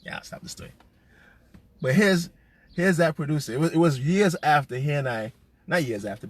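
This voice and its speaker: A man hosting from his car, telling a long rambling story in a casual, swearing, animated way. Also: mid-range voice, slight background noise. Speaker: host.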